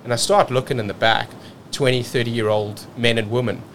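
South african guy telling a wild story on a podcast, super energetic, stumbles over repeated words. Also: mid-range voice, a little fast, slight background noise. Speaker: podcast guest. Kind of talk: casual storytelling.

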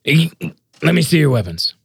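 A man with a gravelly, husky voice joins a tabletop game as a player. He speaks in a playful, joking way, a little higher than most men. The sound is dry and close. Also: very animated, normal speed, no room sound. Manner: playful, joking, laughs often.

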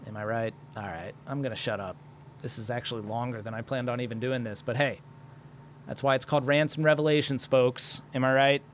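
A man's voice: medium pitch, brisk, slight background noise. A young man hosting a solo podcast, rambling and swearing into a microphone, joking at his own expense as he vents. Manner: rambling, profane, self-deprecating. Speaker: podcast host. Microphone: studio microphone.

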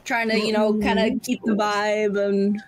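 A woman playing a tabletop game, relaxed, with some fillers. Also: medium pitch, unhurried. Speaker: player.

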